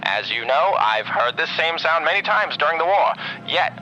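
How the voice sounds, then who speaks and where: Casting: a man doing a pompous old-timey army officer, bright and lively delivery. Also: on the high side, moderate pace, lo-fi sound. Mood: stiff, dramatic. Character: stiff old-timey former army officer writing a letter. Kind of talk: comedic reading of a historic letter.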